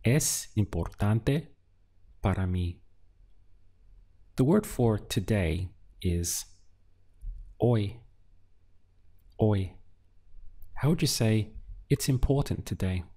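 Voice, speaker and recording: A man teaching a beginner language lesson, drilling words syllable by syllable with patient pauses. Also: lowish voice, expressive, dark tone. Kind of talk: slow, deliberate language lesson.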